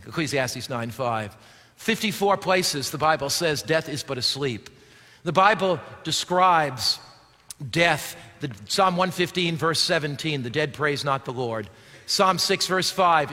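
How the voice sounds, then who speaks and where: A man preaching a sermon as pastor, swinging from emphatic shouts to low, quiet passages. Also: big-room sound.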